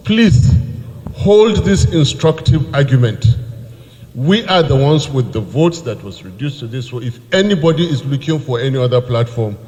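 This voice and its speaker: Male politician, rhetorical and pleading, slightly raised pitch, hall reverb. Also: lively intonation, normal speed, darkish tone. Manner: rhetorical, answers his own questions, pleading. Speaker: politician addressing a party meeting. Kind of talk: rousing political speech.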